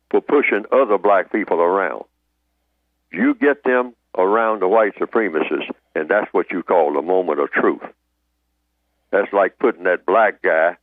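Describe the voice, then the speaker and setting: A man speaking as the guest on a live radio talk show, telling blunt, drawn-out stories with street slang. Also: deep voice, dry recording, phone-quality sound.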